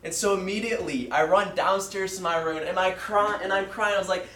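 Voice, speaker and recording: A young man preaches to a small class and tells a story in an earnest, halting way, full of pauses and fillers. His voice sits a little high. The mic is far away, so the room echoes around him. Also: bright, forceful tone, a little hiss or hum. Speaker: student preacher. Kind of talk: sermon with a personal story. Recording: roomy echo from far off.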